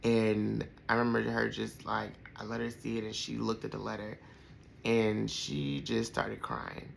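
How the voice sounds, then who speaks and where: A man's voice: on the low side, little pitch movement, a little slow, creaky, slight background noise, rough recording. A man in his thirties hosting a podcast, telling a heartfelt personal story in a rambling way with many fillers. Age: 30s. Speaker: podcast host.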